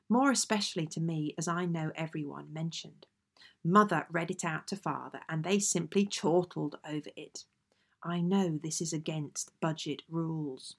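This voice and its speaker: A woman with a lowish voice reads from old family letters, keeping a measured, genteel pace throughout. Her tone carries a steady gravelly fry at the ends of phrases. The reading sounds like a careful, scripted narration. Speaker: audiobook reader.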